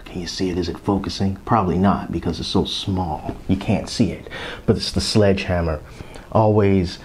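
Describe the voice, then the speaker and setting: A man in his thirties, a toy collector vlogger, casually reviews action figures on camera in a chatty, rambling way. His low voice is a little mellow, and there's a slight hiss or hum. Now and then he drops to a whisper so he won't wake his kids.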